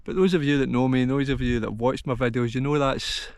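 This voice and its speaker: A man's voice: mid-range voice, fairly even intonation, fast talker, dry recording, studio quality. A middle-aged Scottish man talking casually to camera outdoors on a mountain ridge, tired from a long walk, rambling and heartfelt, with many restarts. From Scotland. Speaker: hillwalking vlogger.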